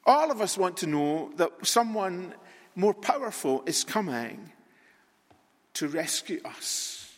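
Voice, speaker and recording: Slow high-voiced male preacher, echoing hall. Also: big pitch swings. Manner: deliberate, repetitive rhetorical preaching with long pauses. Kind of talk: sermon. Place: church sanctuary. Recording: long reverb in a large hall.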